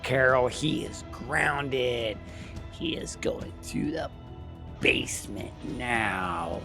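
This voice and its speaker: A man's voice: mid-range voice, lively intonation, very slow, gravelly, over music, full character voice. A man reading the lines of a stern, angry father who gives commands.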